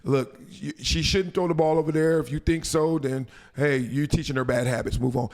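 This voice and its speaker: A man hosting a podcast, telling a story in casual chat, animated and laughing as he acts out quotes. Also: fairly high pitch, moderate pace. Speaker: podcast host.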